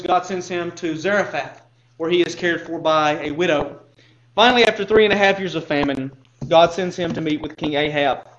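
A man's voice: dull audio, a little hiss or hum. A man preacher reading scripture aloud with dramatic emphasis, lifting his voice for the quoted speeches. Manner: rises in pitch and volume for quoted lines.

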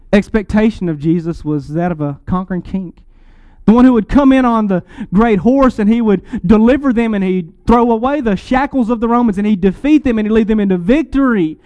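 High-voiced man preaching a sermon. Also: mellow, clear, resonant tone, dry recording. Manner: dramatic, swells high on lists of titles and drops low for emphasis; explains scripture and Greek words in a teaching tone.

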